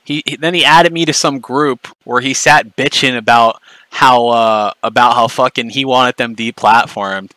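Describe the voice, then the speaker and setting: A man's voice: medium pitch, steady tone, normal speed, few pauses, bright, forceful tone, no echo, low-quality recording. A man ranting angrily on a livestream, profane, mocking and confrontational. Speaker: streamer. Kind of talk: angry livestream rant.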